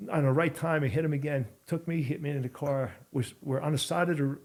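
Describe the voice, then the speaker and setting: A man in his fifties, a podcast guest telling a rambling, animated story in casual conversation. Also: on the high side, fast talker. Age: 50s. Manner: animated, rambling storyteller who acts out quotes.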